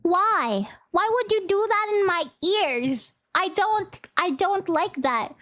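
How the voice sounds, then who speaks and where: A young woman chatting casually on a live stream in a very high voice. She is bubbly and rambling, laughs easily, and takes her time over the words. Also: expressive, slow pace, a bit bright. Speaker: VTuber streamer.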